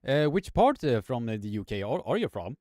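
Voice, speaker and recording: A man giving live arm wrestling commentary. He talks in a halting way, full of fillers and restarts, and climbs in pitch when the action heats up. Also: very animated, warm tone, no echo, studio quality. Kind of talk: live sports commentary with chat.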